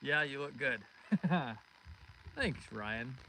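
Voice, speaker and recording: Streaming live on his phone from a boat outdoors, a fishing host chats casually and greets viewers by name over wind and outdoor noise. His medium-pitched voice is animated, gravelly, bright and forceful, with drawn-out words, on a low-quality recording.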